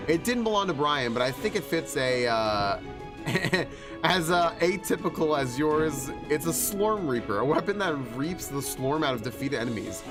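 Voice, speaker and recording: A man voicing a calm male prophet who keeps a shrine in a game, reading the lines in a measured way. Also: on the high side, music in the background, close to an everyday voice.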